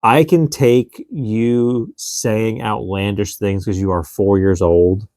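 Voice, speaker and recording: A man's voice: lowish voice, steady tone, slow pace, dark tone, no room sound, clean studio sound. A man in his thirties co-hosting a podcast, venting in casual chat about parenting and acting out his child's lines. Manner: exasperated, venting, acts out quotes of his child. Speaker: podcast co-host.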